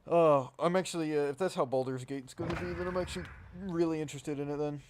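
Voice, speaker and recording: A man's voice: on the high side, steady tone, quick pace, crowd noise. A man co-hosting a casual stream chat, encouraging and chiming in with thoughts. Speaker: stream co-host. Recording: noisy stream audio.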